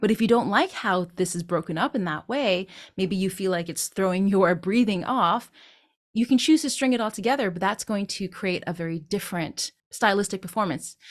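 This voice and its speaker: A woman vocal coach teaching a song, explaining phrasing and breaking into sung lines to demonstrate. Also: medium pitch. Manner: encouraging, checks in with listeners. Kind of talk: singing lesson, explaining and demonstrating.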